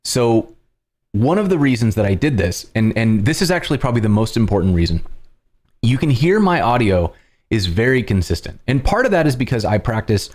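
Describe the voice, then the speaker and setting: A man hosting a livestream, explaining casually in a loud projected presenter voice with plenty of fillers, close on a compressed studio mic at home. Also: medium pitch, big pitch swings, a little fast. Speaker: livestream host. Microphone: studio dynamic microphone with compression.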